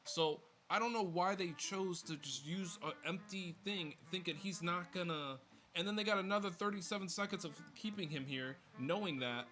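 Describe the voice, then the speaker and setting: A man's voice: high-pitched, moderate pace, pushed and bright, faint music behind. A man casually reviewing a movie with a friend, arguing his points emphatically and swearing now and then.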